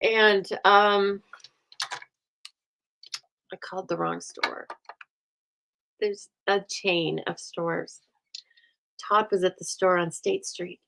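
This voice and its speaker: A woman hosting a stamping craft show, chatting casually and telling a lively story while she works, acting out the other people's lines as she goes. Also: medium pitch, slow, gravelly, pauses often, slight background noise, poor audio. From United States. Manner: chatty, animated storytelling with voiced quotes and laughs.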